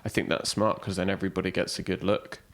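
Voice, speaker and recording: A man's voice: deep voice, level tone, fast. Dry teasing man, podcast comic. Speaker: comedian podcast co-host. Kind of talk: casual comedic chat.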